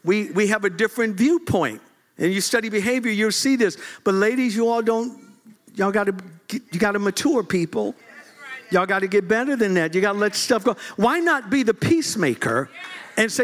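A middle-aged man preaching a sermon, lively and joking, often laughing as he talks. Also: high voice, normal speed. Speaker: pastor.

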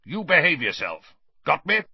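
A man's voice: on the high side, big pitch swings, moderate pace, gravelly, slightly rough, no echo, pitched above the performer's own voice, exaggerated voice. A man voicing a blustering, bullying middle-aged uncle who snarls threats. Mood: menacing. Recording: dull, dry recording.

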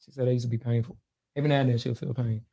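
A man's voice: medium pitch, little pitch movement, very fast, creaky, dark tone. A man co-hosting a podcast in casual, slangy chat, calling people dude and bro. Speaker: podcast co-host.

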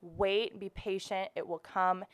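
A woman's voice: medium pitch, fairly even intonation, unhurried, dry recording. A woman in her twenties co-hosting a faith podcast, talking casually with lots of fillers. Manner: chatty, lots of fillers, laughs easily. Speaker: podcast co-host. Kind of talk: casual chat.

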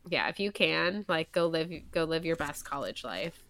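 A woman's voice: deep voice, very animated, normal speed, fairly bright tone. A young woman co-hosting a book podcast, chatting casually and animatedly, with frequent swearing and lots of "like". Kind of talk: casual chat.

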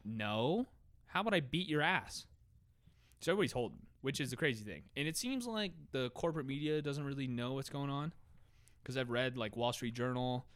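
Young guy ranting loose and sweary in a podcast chat, dry close sound, middle pitch. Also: fast, smooth, no room sound. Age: young adult. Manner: animated, swearing, slangy, jumps up in pitch when worked up. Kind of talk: casual chat.

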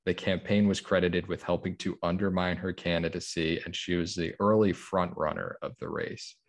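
A man's voice: sits low, flat delivery, moderate pace. A man co-hosting a podcast in casual, dry, joking chat. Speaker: podcast co-host.

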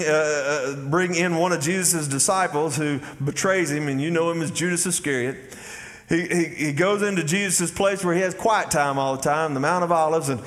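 Preacher man, kinda high voice, folksy, lots of echo from the big hall. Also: a bit bright. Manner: folksy preaching, calls out "y'all" and "Amen?" to the congregation. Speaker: pastor. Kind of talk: sermon. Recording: long hall reverb.

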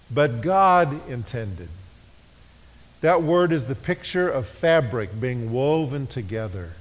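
A man preaching a sermon, leading his congregation in call-and-response and slowing to a hush on key phrases. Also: fairly high pitch. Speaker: pastor. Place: church sanctuary. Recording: echoey worship hall.

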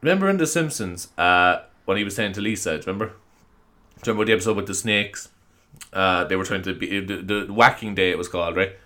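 Low-pitched, quick, pushed and bright, this young Irishman's voice carries his casual solo podcast. He's tired, rambling, poking fun at himself, and laughing a lot.

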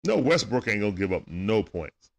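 A man's voice: fairly low pitch, very animated, moderate pace, gravelly. A man with speech doing loose, chatty play-by-play on a livestream, talking back to players and viewers. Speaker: livestream game commentator. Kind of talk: casual play-by-play commentary.

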